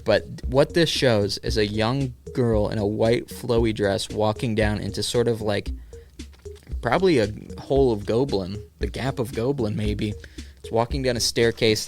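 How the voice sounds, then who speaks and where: A man with a low, gravelly voice hosts a podcast on his own, chatting casually and swearing as he riffs. His delivery is sarcastic and offhand, with faint music playing behind him. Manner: sarcastic, profane riffing. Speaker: podcast host. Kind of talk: casual solo podcast chat.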